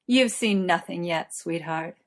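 A woman's voice: on the low side, a little slow, lightly acted. Woman doing a cocky, teasing young man. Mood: mocking. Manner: teasing, boastful.

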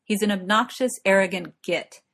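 A woman's voice: mid-range voice, normal speed, fairly bright tone. A woman reading the part of a prickly, jealous young businessman who answers curtly and defensively. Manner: defensive, curt.

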